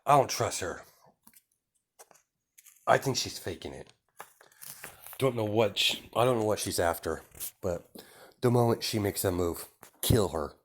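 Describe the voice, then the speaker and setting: A man's voice: lowish voice, animated, a little slow, pauses often. A man voicing a distrustful, protective young werewolf woman giving blunt orders. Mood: suspicious.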